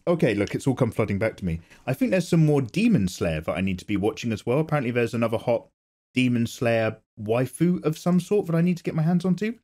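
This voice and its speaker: A male artist chatting casually with his viewers as he draws and reads out their comments. His pitch sits in a middle range but swings up and down a lot. He sounds playful, chatty and ready to laugh at himself. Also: big pitch swings, quick pace, a little mellow. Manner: chatty, playful and self-mocking. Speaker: artist and channel host. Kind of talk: casual chat reading viewer comments while drawing.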